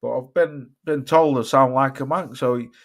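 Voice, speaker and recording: On a boxing livestream, a Cheshire man chats casually with viewers and reads their comments, rambling and swearing a lot. He has a mixed Cheshire and Staffordshire accent and a medium-pitched voice with fairly even intonation at a moderate pace.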